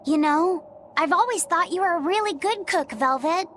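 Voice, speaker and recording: An actress voicing a gentle, earnest young boy in a video game, speaking softly and politely. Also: extremely high pitch, moderate pace, a little hiss or hum. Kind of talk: game voice acting.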